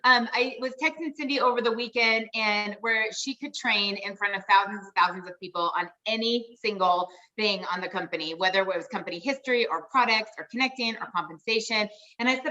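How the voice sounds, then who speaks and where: A woman's voice: medium pitch, a little fast, pushed and bright. A woman hosting a team call over a video link, gushing and upbeat as she introduces a guest, often saying "you guys.". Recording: dull lo-fi audio, slightly distant from mic.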